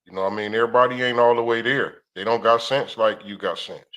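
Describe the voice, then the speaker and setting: A man's voice: mid-range voice, fairly even intonation, fast talker, a bit bright. A man co-hosting a casual talk show, laid-back and slangy, often asking if you know what he means. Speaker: co-host.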